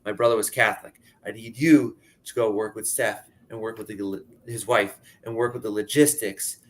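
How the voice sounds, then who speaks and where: This thirty-something from Pennsylvania recounts his personal story in a lowish, steady voice at normal speed. His delivery is candid and conversational, peppered with "like."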